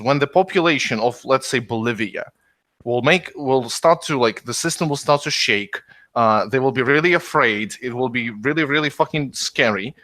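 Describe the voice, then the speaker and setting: Podcast co-host, man, forceful and bright, animated arguer, dry close sound. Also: medium pitch, dry recording. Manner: animated, argumentative, long run-on points. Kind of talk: casual political discussion.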